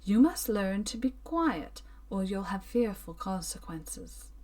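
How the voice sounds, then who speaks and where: Storybook villain: heartless male asylum keeper, unhurried and matter-of-fact, read by a woman. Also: medium pitch, very animated, darkish tone. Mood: stern. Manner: slow, measured, coldly matter-of-fact. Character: callous male madhouse keeper, cold and mercenary.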